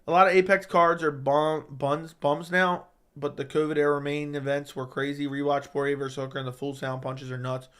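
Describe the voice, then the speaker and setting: Man hosting a livestream, slightly high voice, chatty, jokey, reads viewer questions out loud. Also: level tone, a little fast, few pauses, clean tone. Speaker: livestream host. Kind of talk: casual livestream chat reading viewer questions.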